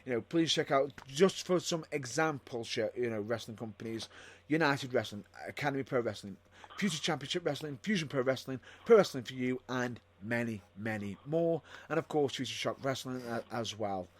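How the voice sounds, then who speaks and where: A man's voice: medium pitch, expressive, normal speed. A man co-hosting a wrestling podcast in a casual, rambling way, often repeating himself and restarting lines. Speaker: podcast co-host.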